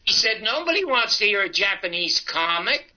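A man's voice: sits high, very animated, moderate pace, pushed and bright. A man in his eighties, a comedian and talk show host, telling a long story and acting out both sides of the dialogue. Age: 80s. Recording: dull lo-fi broadcast audio.

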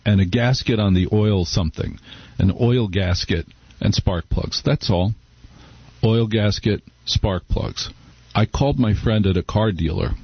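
A man's voice: low voice, slightly rough, no room sound, lo-fi sound. A middle-aged man hosting a talk radio show, chatting in a wry, rambling, conversational way. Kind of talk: casual talk radio monologue. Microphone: studio microphone.

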